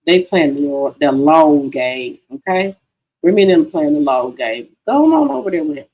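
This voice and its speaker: Chatty, gravelly woman livestreamer. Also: sits low, sing-song, a little slow, lo-fi sound. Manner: chatty, profane, addresses viewers as girlfriends. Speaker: livestream host. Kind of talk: casual gossip livestream.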